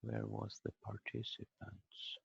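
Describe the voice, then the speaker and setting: A man teaching a language lesson over a video call, explaining step by step with halting fillers. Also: fairly low pitch, big pitch swings, vocal fry, slightly rough, no echo. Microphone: computer mic on a video call. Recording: dull lo-fi video call audio.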